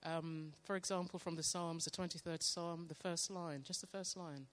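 Woman sharing devotional testimony, slow and meditative in delivery. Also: on the low side. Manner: slow, calm, soft-spoken, meditative. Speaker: church member sharing testimony. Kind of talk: devotional testimony with guided prayer.

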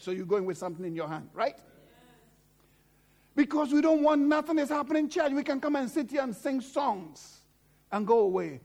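A man's voice: extremely high pitch, darkish tone. A man preaching a sermon, fervent and exhorting, repeating phrases to drive points home. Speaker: pastor.

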